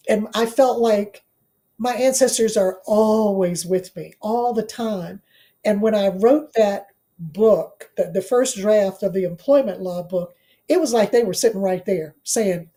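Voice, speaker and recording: Earnest middle-aged woman with a mellow voice. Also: mid-range voice. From Washington, D.C. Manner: earnest, emphatic, repeats phrases for weight. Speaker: guest, law professor and author. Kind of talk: conversational interview storytelling.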